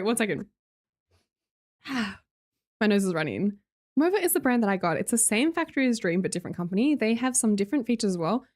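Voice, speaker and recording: A woman with an Australian accent chats casually to her live-stream viewers, reading their messages aloud. Her voice sits a touch high and swings widely in pitch. She laughs often and trails off into restarts.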